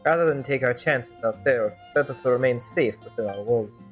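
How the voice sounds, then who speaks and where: A woman voicing a stern, serious male guild leader in a fan-dub, with a mock German-turned-Russian accent. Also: soft background music. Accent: mock German-Russian accent attempt. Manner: grave, measured, lowered voice. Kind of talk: fan-dub voice acting over gameplay.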